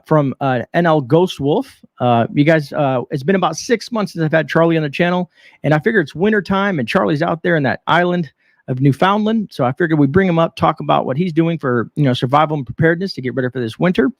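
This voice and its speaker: A man from Canada hosts a live stream, greeting viewers one by one in a friendly, casual way. His voice sits a little high and has a gravelly edge, recorded close and dry. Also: no echo. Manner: friendly, reads out viewer names. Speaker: host.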